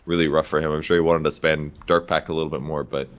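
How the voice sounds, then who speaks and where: A man with a light Upper Midwest American accent giving relaxed, analytical color commentary on an esports match. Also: extremely low pitch, slight background noise. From Wisconsin and Montana, United States. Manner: fast analytical breakdowns, relaxed.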